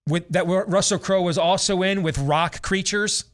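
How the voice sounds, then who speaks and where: A man's voice: high-pitched, normal speed, slight background noise. A man in his forties hosting a talk show, ranting sarcastically and theatrically in opinionated commentary. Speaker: host.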